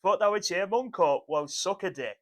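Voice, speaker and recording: Guy, podcast co-host, casual banter, swears a lot, lively up-and-down voice. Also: high-pitched, moderate pace. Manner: swears freely, repeats phrases, laughs often.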